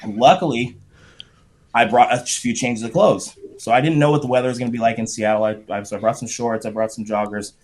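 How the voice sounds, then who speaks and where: A middle-aged man, a podcast guest, telling a profane, animated story in casual talk. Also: medium pitch, a little fast. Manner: profane, animated anecdote with shouted quotes.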